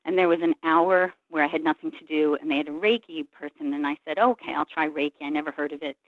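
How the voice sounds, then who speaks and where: As an interview guest, a Reiki practitioner with a deep voice shares a long personal story in a fast, earnest, reflective way, retelling scenes by taking on the voices of the people she describes. She's heard over a tinny telephone line with no echo or room sound.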